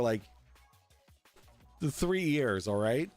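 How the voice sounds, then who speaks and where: A young adult man hosting a casual livestream from home, tipsy, rambling and halting with lots of fillers and swearing. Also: on the high side, expressive, soft background music. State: tipsy from drinking. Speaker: host. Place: at home in an apartment.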